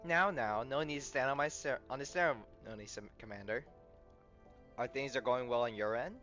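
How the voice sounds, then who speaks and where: A man's voice: mid-range voice, normal speed, close to an everyday voice. A man reading aloud the lines of a poised, courteous female café manager in a game, in a polite, composed manner with small stumbles. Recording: slightly muffled, soft game music behind.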